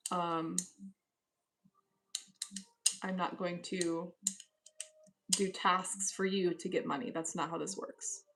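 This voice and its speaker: A woman's voice: fairly low pitch, a bit bright. A woman hosting a live stream from home, reading chat messages aloud and answering in a cool, dismissive casual manner. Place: at home, indoors.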